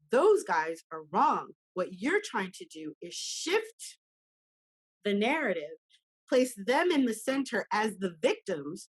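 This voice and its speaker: A woman's voice: a little high, breathy edge, low-quality recording. A woman talking as a guest in a conversation, speaking with passion and acting out little scenes in voices.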